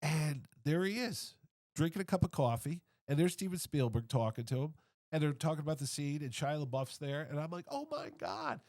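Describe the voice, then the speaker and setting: A middle-aged man who founded a comic convention guests on a podcast, telling a story casually at a slightly quick pace in a somewhat high voice. He's animated and acts out the voices of everyone involved. There's no room sound.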